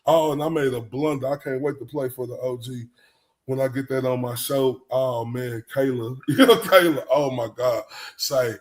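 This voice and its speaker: A man's voice: mid-range voice, fairly even intonation, moderate pace. A man hosting a casual livestream, rambling in loose slang and often breaking into laughter. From Texas. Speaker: livestream show host.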